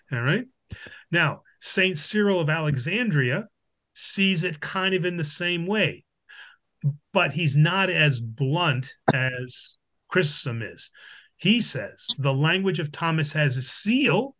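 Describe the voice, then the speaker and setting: A man's voice: on the high side, a bit bright. A man teaching a Bible study, talking unscripted with many restarts and "all right?" check-ins. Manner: explains with Greek examples.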